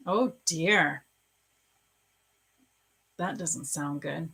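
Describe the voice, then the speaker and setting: Middle-aged female psychic streamer, gentle and endearing, bright tone. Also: fairly low pitch, unhurried. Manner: soothing, calls listeners dear and love. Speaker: psychic reader. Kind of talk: live-stream reading for viewers.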